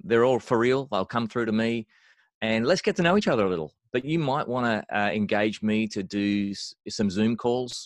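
A man, a worship mentor, talking in an animated, emphatic way as a podcast guest, often repeating words as he starts a phrase. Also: medium pitch, dry recording. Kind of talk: conversational interview.

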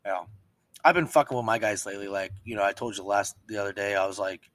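A man's voice: on the low side, quick pace, no room sound. Casual male podcast co-host, swears freely, acts out quotes, dry close mic. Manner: swearing, animated storytelling with quoted voices. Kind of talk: casual chat.

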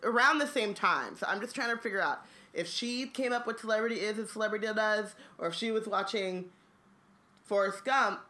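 A woman's voice: mid-range voice, brisk, sharp tone. A woman co-hosting a casual chat who muses aloud with lots of fillers and also reads a book aloud. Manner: musing, full of fillers. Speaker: co-host.

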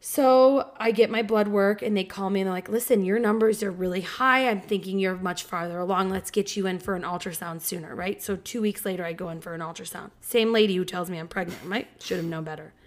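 A woman in her thirties, hosting a podcast, telling a candid personal story in casual chat. She talks in an animated way, swears freely, and acts out the people she quotes. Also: mid-range voice, brisk, hardly any pauses.

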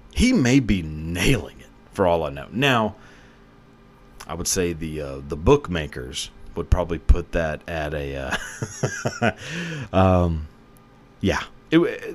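A man with a very low voice hosts a podcast, talking loosely and casually. He rambles from point to point, swears freely, and breaks into laughter now and then. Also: slight background noise. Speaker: podcast host. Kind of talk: casual monologue.

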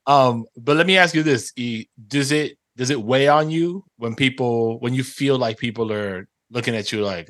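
A man's voice: mid-range voice, normal speed, few pauses, fairly bright tone, no room sound. A man co-hosting a podcast, asking probing questions in casual chat. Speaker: podcast co-host.

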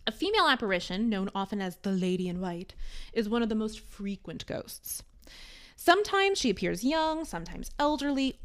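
A woman hosting a podcast, telling a history in a chatty, animated way with wry asides. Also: mid-range voice. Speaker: podcast host. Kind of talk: casual storytelling chat.

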